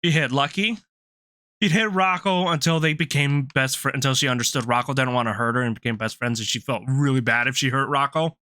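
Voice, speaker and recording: A man's voice: mid-range voice, fairly even intonation, brisk, bright, forceful tone, no room sound, clean studio sound. A man streaming live, telling a long rambling story in casual chat, laughing often and restarting his sentences.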